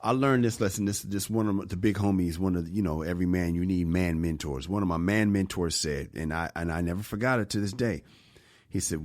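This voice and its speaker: A man's voice: deep voice, fairly quick, darkish tone, no room sound, clean studio sound. A man co-hosting a podcast in casual chat, joking and teasing playfully. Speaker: podcast co-host.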